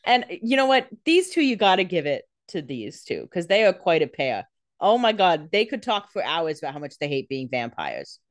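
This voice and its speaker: Woman cohost, super animated voice, dry mic, jokey reactions. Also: fairly low pitch, no room sound. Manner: quick jokey reactions, laughs often. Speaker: podcast co-host. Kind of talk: casual recap chat.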